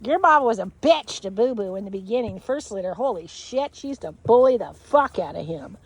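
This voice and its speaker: A woman's voice: mid-range voice, expressive, brisk, slightly rough. A woman who breeds dogs, chatting casually outdoors and slipping into baby talk with her puppies, swearing freely. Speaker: dog breeder. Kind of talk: casual vlog chat with puppies.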